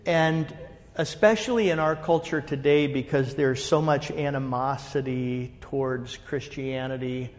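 A man, a pastor, telling a story in casual group talk, rambling and animated with lots of "you know". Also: medium pitch, unhurried, long reverb tail. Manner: animated, rambling, many fillers.

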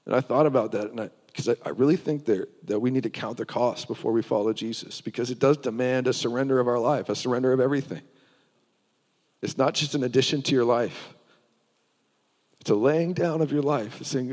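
A man's voice: medium pitch, a little fast, a little mellow, long reverb tail. A man preaching, telling his personal testimony in an earnest storytelling way.

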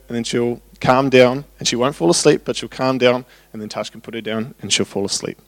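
A man gives a sermon built on anecdotes about home life. His voice sits at an ordinary middle pitch. He turns animated when he acts out the scenes. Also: dry recording. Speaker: preacher. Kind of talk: sermon with personal stories.

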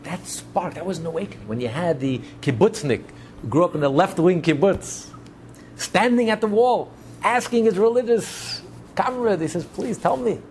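Impassioned rabbi, slightly high-pitched man. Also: lively intonation, moderate pace, a little mellow, a little hiss or hum. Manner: repetitive, building emphatic lists. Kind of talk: impassioned sermon.

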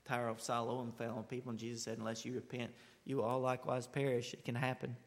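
A man preaching a sermon, earnest, swinging from loud bold declarations to hushed asides. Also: mid-range voice, level tone, fast. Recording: long hall reverb.

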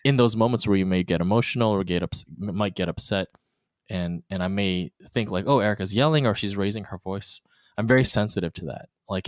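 Married male guest, deep voice, candid and animated. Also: fast, no room sound, studio quality. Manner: animated, acts out quoted voices. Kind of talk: candid conversational talk.

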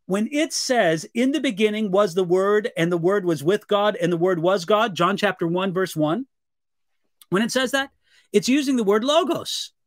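A male pastor answering viewer questions during a live Bible Q&A, earnest and measured, reading each question aloud before he explains. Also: high-pitched, no echo, clean studio sound. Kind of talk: live Q&A teaching.

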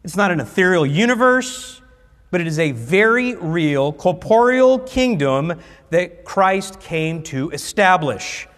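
A man's voice: high voice, sing-song, takes it slowly, a bit bright. A man preaching a sermon in a conversational way, repeating key phrases and leading the congregation in call-and-response. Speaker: pastor. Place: church sanctuary. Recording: long reverb of a large hall.

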